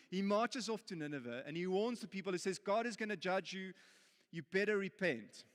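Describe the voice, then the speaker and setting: A man's voice: on the high side, a bit bright, in a large hall. A man with a South African accent preaching a sermon, telling a story in a jokey, playful way, then turning earnest. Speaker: pastor. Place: church auditorium.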